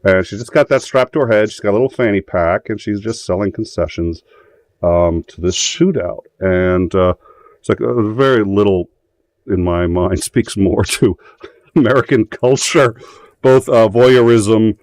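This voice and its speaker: Male host, lowish voice, loose and profane, many ums, recorded dry and close. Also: moderate pace, a little mellow, dry recording. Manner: rambling, profane storytelling with frequent fillers. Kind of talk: casual live-show chat.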